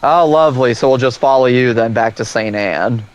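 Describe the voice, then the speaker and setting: A man's voice: medium pitch, normal speed. A man chatting with friends while gaming, teasing and easygoing. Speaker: gamer in a co-op group. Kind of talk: casual gaming voice chat.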